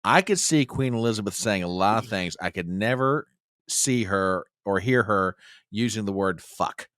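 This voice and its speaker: A man in casual podcast chat, animated and protesting, repeating himself for effect. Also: lowish voice, normal speed, no room sound, studio quality.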